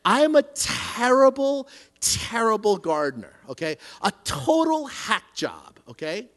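Male pastor, middle-aged, high and very lively voice, animated storyteller who stumbles and restarts. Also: a little slow. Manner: animated, self-deprecating storytelling with many restarts. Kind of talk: sermon.

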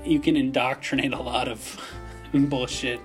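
A young man with a Minnesota accent, co-hosting a casual podcast chat, telling animated stories and laughing often. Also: mid-range voice, a little slow, soft background music. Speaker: podcast co-host.

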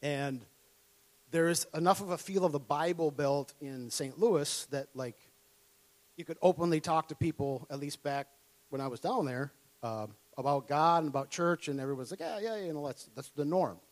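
A man from Minnesota delivers a sermon through a personal story, with a fairly high voice. He acts out his younger self in excited tones and laughs often as he talks. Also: moderate pace. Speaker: preacher.

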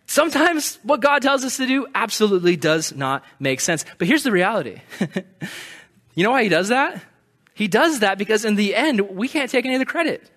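A male preacher giving a casual, conversational sermon, animated and often acting out the voices of the people he describes. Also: high-pitched, normal speed. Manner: animated, acts out quoted voices.

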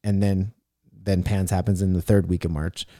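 A man's voice: low-pitched, little pitch movement, moderate pace, dry recording. Blunt, profane man on a dry mic. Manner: blunt, profane, gets loud and ranting. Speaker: podcast co-host and jiu-jitsu coach. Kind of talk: casual late-night podcast chat.

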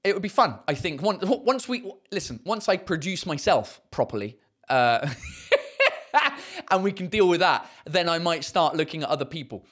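A man's voice: fairly high pitch, very animated, moderate pace, fairly bright tone. A man, a comedian and host, chatting casually and rambling as he reads out viewer comments, with lots of fillers and the odd swear word. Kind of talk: casual live-stream chat reading comments.

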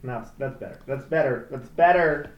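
A man's voice: mid-range voice, moderate pace, lo-fi sound, heavy background noise. A man chatting casually at home, telling stories with frequent bursts of laughter. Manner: giggly, animated storyteller, frequent laughter. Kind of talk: casual chat. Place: home room. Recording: echoey room.

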